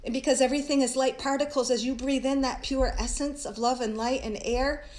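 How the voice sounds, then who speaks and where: Earnest higher-pitched woman giving a spiritual talk. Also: fairly even intonation, brisk, a little mellow, rough recording. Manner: flowing, repetitive lists of phrases, addresses viewers as guys; earnest and heartfelt. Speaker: spiritual teacher hosting a live stream. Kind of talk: live-streamed spiritual talk.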